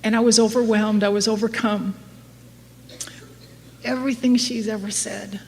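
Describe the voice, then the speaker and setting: Middle-aged woman, candid AA speaker, wry and laughing, mid-pitched, live hall reverb. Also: fairly even intonation, moderate pace. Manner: candid, self-mocking, laughs often. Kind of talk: recovery talk to a live audience. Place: meeting hall before an audience. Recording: live hall with long reverb, faint noise.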